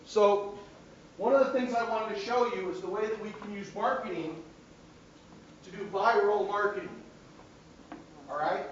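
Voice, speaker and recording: A high-voiced male teacher tells a story in a classroom lecture, often checking in with his students. He speaks at normal speed with long pauses. Taped from far away in an echoey classroom, the sound is dull with slight background noise.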